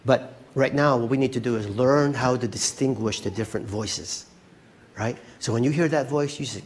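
A male pastor preaching in a loose, conversational way, with an easy, moderate-pitched voice. He keeps his listeners involved and often checks in with a quick question. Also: a little hiss or hum. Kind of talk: sermon.

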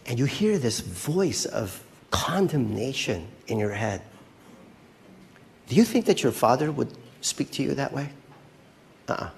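A man preaching a sermon as a pastor, conversational and animated, often checking in with his listeners. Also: medium pitch, unhurried, gravelly, pauses often.

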